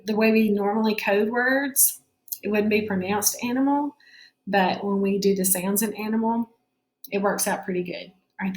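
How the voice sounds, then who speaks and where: A woman teacher giving a spelling lesson to children, patiently sounding out each word slowly and checking in with her class. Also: mid-range voice, echoey room.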